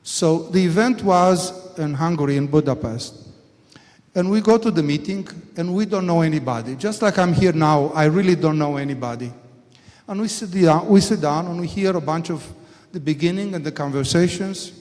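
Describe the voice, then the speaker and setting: A man's voice: fairly high pitch, moderate pace, darkish tone. An older man, a company executive, giving a storytelling talk at a summit and acting out quoted dialogue as he goes. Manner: anecdotal, acts out quoted dialogue. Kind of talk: storytelling speech. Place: conference hall. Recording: long hall reverb.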